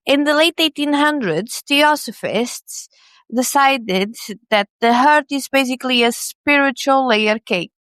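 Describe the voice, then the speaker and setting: A woman's voice: sits high, measured pace, a bit bright, dry recording. A woman co-hosting a podcast, narrating in a scripted comedic style with wry, sarcastic asides. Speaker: podcast co-host.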